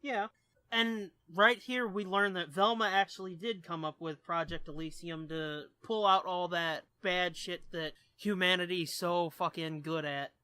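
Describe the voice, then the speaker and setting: A man's voice: high voice, fairly even intonation, a little slow, sharp tone, clean tone, no room sound. A man co-hosting a podcast, chatting casually about comics, laid-back and swearing freely. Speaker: podcast co-host. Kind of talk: casual comic-book review chat.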